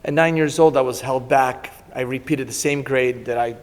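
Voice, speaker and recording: Middle-aged Italian-born man, guest speaker, animated anecdotes, recorded with hall reverb. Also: medium pitch, normal speed. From Italy. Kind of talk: storytelling talk to an audience.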